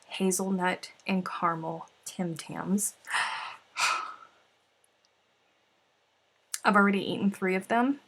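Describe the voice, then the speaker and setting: A woman's voice: mid-range voice, drawn-out words, long pauses, heavy background noise. A woman hosting a casual craft livestream, chatting and reading out viewer comments with sighs and laughs. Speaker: livestream host. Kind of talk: casual chat while crafting.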